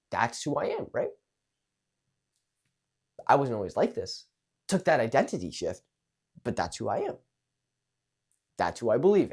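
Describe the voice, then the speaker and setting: A man's voice: medium pitch, a little mellow. A young man coaching on social skills in a casual monologue, acting out example lines in jumpy voices and swearing casually.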